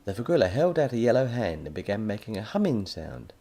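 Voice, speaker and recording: A man narrating a children's audiobook in a lively storytelling manner. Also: fairly low pitch, fairly quick.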